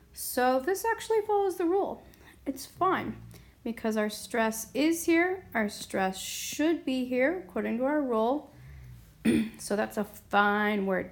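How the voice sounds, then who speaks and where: A woman teaching a language grammar lesson at a whiteboard, patient and explaining step by step. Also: a little high. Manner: patient, explains step by step, often asks "okay?". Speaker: Spanish teacher.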